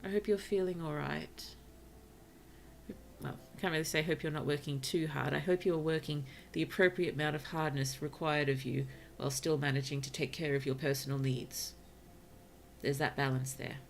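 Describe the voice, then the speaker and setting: A tired woman streamer gently chatting with her viewers during gameplay, softly spoken and often dropping to a whisper. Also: sits low, steady tone, normal speed, creaky. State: tired, yawning. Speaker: virtual streamer. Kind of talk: casual gameplay commentary to chat.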